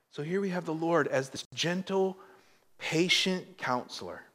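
A man preaching a sermon as a pastor, slow and emphatic, swelling in volume on key points. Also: a little high, a bit bright, in a large hall.

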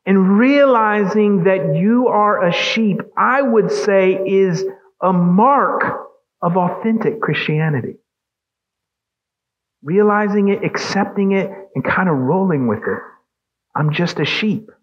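A man's voice: high voice, slow, dull audio. A man preaching a sermon as pastor, emphatic and asking the congregation questions.

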